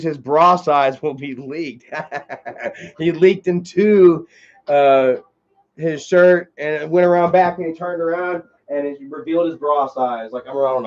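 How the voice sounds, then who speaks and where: Rambling high-voiced male streamer. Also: lo-fi sound. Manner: rambling, with many filler sounds and restarts. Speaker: livestream host. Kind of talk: casual chat reading live comments.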